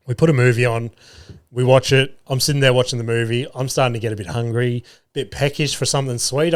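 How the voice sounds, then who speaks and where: A man's voice: medium pitch, steady tone, fast. A young adult man, hosting a podcast in casual chat, rambling through stories and swearing freely. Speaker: podcast host.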